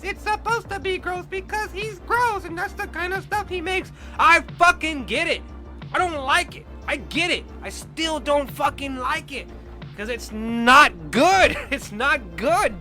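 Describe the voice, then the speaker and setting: A young man from Texas rants his way through a casual movie review, cursing freely and throwing in acted-out bits of dialogue. His voice sits a little high for a man. Music plays clearly underneath him. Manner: profane, animated ranting with acted-out quotes. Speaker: podcast host.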